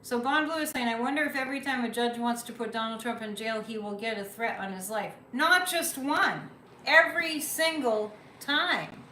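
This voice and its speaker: A woman's voice: a little high, steady tone, fast talker, hardly any pauses, fairly bright tone, echoey room, slight background noise, poor audio. A woman hosting a psychic livestream, chatting casually, reading viewer comments and repeating phrases for emphasis.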